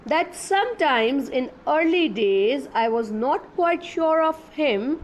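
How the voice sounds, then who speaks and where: A woman's voice: high voice, expressive, slight background noise, low-quality recording. A woman English teacher giving an online class from home, reading a story aloud and patiently explaining words to the children. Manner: slow, patient explaining, often asks the children questions.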